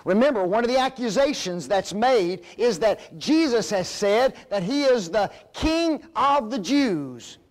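A man's voice: sits high, expressive, unhurried, few pauses. A man preaching a Bible lesson, speaking emphatically, calling the listeners folks and asking rhetorical questions. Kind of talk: sermon-style Bible lesson.

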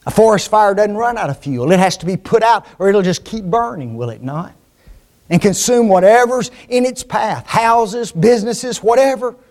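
A man's voice: sits high, expressive, normal speed, darkish tone. A man preaching a sermon to a congregation, driving points home with repeated phrases and tag questions. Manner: rhetorical tag questions, emphatic repetition.

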